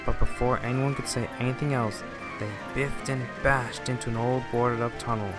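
A man giving scripted storybook narration in a slow, measured way. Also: medium pitch, level tone. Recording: music playing underneath.

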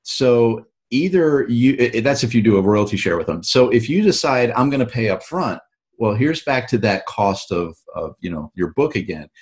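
A man's voice: medium pitch, expressive, moderate pace, darkish tone. A man, an author and show host, talking casually in an interview and explaining at length with frequent restarts.

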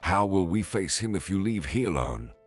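A man voicing a calm, convincing woman from a commune who speaks smoothly and reassuringly. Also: low voice, moderate pace, faint music behind, exaggerated voice.

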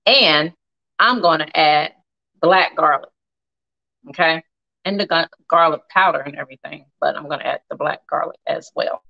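A woman chatting playfully with her viewers while she cooks in her home kitchen during a live stream, breaking into loud happy exclamations. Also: low voice, moderate pace, creaky. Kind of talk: casual live cooking stream. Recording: dull lo-fi stream audio.

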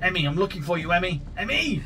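A man hosting a let's play, giving jokey, excitable commentary full of swearing. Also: high-pitched, quick pace. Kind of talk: gameplay commentary.

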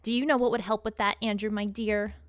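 A woman voicing a whiny, dramatic little goth sister in a game with a high-pitched voice. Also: little pitch movement, fairly quick, no room sound, studio quality, close to an everyday voice.

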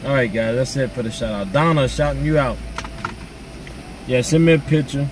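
A man's voice: medium pitch, moderate pace, far from the mic, noisy background. Laid-back man chatting from afar. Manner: laid-back, chatty slang, reads out viewer names. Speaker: vlogger. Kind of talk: casual chat with viewers.

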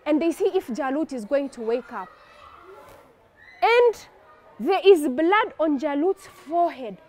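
A woman telling a story to children in an animated, expressive, playful way. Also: high voice, measured pace, a little hiss or hum.

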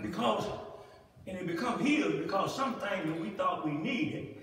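A man with a Southern American accent preaching a call-and-response sermon in a church, repeating phrases, chuckling and building up to shouts. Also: high voice, lively intonation, moderate pace. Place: church sanctuary. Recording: echoey church hall from far off.

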